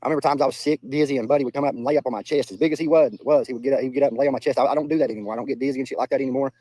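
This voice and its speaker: A young Southern US man livestreams and reacts to his chat bluntly, profanely and casually, often repeating himself. His medium-pitched voice is warm, fairly even in intonation and very fast. The recording is dry and rough.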